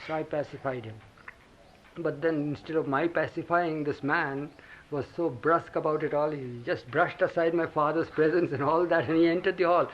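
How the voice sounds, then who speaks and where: An older man with an Indian English accent reminisces in casual talk, his voice fairly high and his pace moderate. He chuckles through his memories and tells them animatedly, acting out the quotes. It sounds like a dull, lo-fi tape from 1980, with hiss.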